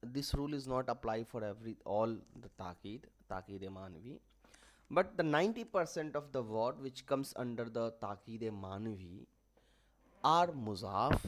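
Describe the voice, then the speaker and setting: Slow, patient male grammar teacher. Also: mid-range voice. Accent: South Asian English. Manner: slow, explanatory, repeats terms for emphasis. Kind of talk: online grammar lecture.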